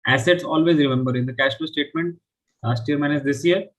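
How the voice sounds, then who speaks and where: A man's voice: fairly high pitch, fast, poor audio. Man teaching with "right?" checks. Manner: explains step by step with frequent "right?" checks. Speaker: finance instructor. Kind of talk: live online class teaching.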